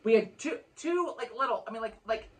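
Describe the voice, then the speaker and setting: A woman's voice: a little high, animated, brisk. A woman co-hosting a podcast, telling a long story in casual chat, frank and swearing freely with many restarts. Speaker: podcast co-host.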